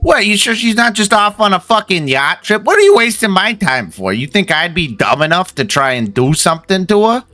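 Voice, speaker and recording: A man's voice: high-pitched, sing-song, brisk, few pauses, pushed and bright, dry recording, faint music behind, pitched above the performer's own voice, heavily acted. A man voicing a brash, foul-mouthed male kobold gang leader in a tabletop game. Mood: mock shocked. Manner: swearing, blustering, defensive.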